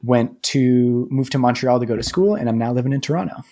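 A young man hosting a casual podcast, running the segments in a relaxed way and laughing easily with his co-hosts. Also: mid-range voice, brisk. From New Hampshire, USA. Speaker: podcast host. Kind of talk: casual chat.

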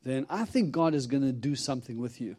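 Itinerant preacher, male, mellow tone, animated storyteller voicing his own quotes. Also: mid-range voice, fairly quick, breathy edge. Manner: animated storyteller, acts out quotes, laughs often. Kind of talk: storytelling sermon.

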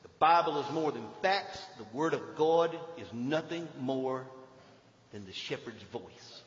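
An older man preaching a sermon, swinging between emphatic lines and hushed ones. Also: medium pitch, lively intonation, a little slow. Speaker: pastor. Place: church sanctuary. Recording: dull echoey church hall recording.

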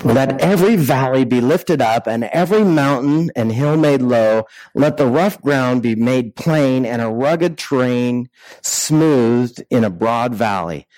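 A man's voice: medium pitch, expressive, a little slow, darkish tone, no room sound, low-quality recording. A man preaching a sermon in a conversational way, full of rhetorical questions and restarts. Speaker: pastor.

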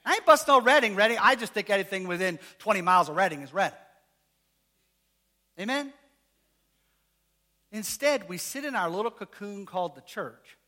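A man's voice: high-pitched, sharp tone. A man preaching a sermon in church, joking and firing questions at the congregation. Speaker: pastor.

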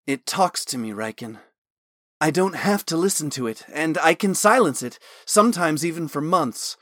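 Storybook role: an intense, haunted young nobleman, high and forceful, delivered dry and close, as a male narrator puts him on. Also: animated, normal speed, dry recording. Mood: earnest confession. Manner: impassioned, earnest. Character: troubled wealthy young man, haunted and intense.

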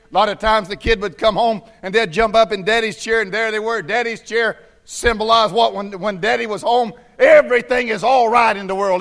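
A man preaching a sermon in church, swinging from hushed, low tones to shouted fervor.

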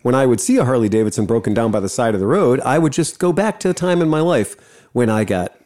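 A man's voice: mid-range voice, lively intonation, quick pace, a little mellow. Profane man telling a road story. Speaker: podcast host. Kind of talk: casual storytelling chat.

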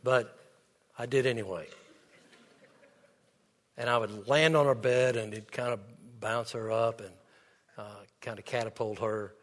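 In a church sanctuary with long hall reverb, a male pastor preaches an earnest sermon, telling stories with quoted dialogue. His mid-range, fairly bright voice is fairly even in intonation, a little slow, and he pauses often.

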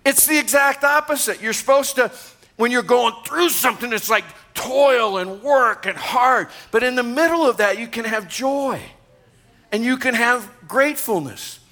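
Bright high-voiced older male pastor preaching. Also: moderate pace. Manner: conversational preaching with asides and chuckles. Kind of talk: sermon. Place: church gathering.

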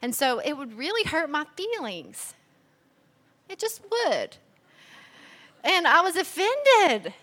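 A woman's voice: takes it slowly, long pauses, big-room sound. A woman in her thirties giving a chatty talk about marriage, laughing as she tells stories and acting out quotes in a raised voice. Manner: chatty, animated, laughs while telling stories; acts out quotes in a higher, louder voice. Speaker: speaker sharing marriage advice. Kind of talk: personal talk to an audience.

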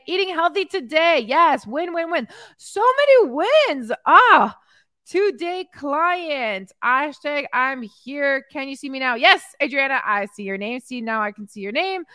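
Her voice is high-pitched, bright and forceful, captured in a dry, studio-quality recording. She's a fitness coach and podcast host live streaming from her home in Mexico, reading viewer comments about her clients' wins. She cheers them on with upbeat hype and gets emotional, wearing her heart on her sleeve.

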